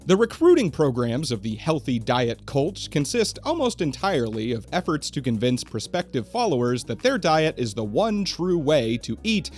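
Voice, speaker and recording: Sarcastic man narrating, lively pitch. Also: normal speed, few pauses. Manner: sarcastic, exasperated, swearing. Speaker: host. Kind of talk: comedic scripted narration.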